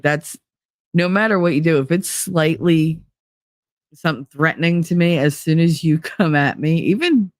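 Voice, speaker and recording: A woman's voice: sits low, no room sound, clean studio sound. A woman chatting casually on a live stream, talking bluntly and swearing, with frequent laughs. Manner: blunt and profane, laughs often.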